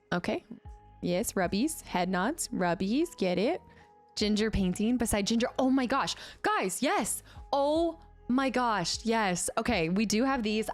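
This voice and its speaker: A woman streamer chatting casually on a live stream, excitable and giggly, cooing to her cat at her home desk. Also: mid-range voice. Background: faint film music.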